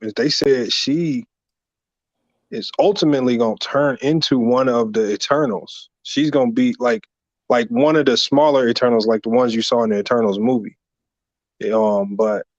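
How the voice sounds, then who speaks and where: A man's voice: medium pitch, dry recording. Slangy man explaining, dull lo-fi mic. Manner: explains at length, slangy, with "um" pauses. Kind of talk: casual podcast chat.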